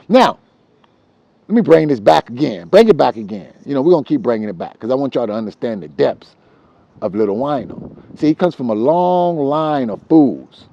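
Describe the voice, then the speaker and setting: A man telling street stories from his childhood in a casual, profane, animated way, repeating himself for emphasis. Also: a little high, creaky, dry recording, rough recording. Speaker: storyteller.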